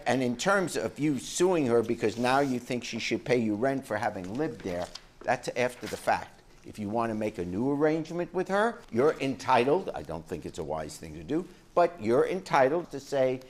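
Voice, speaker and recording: A man's voice: medium pitch, animated, slight background noise. An older man presiding as a television judge, blunt and wry, handing down rulings in a courtroom. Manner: blunt, joking, brisk rulings. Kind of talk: courtroom TV show. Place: TV courtroom set.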